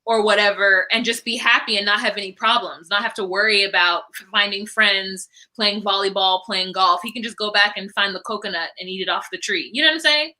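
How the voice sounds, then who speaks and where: Woman, very bright tone, blunt, opinionated, casual chat. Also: medium pitch, a little fast, hardly any pauses, low-quality recording. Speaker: co-host of a reality TV recap show.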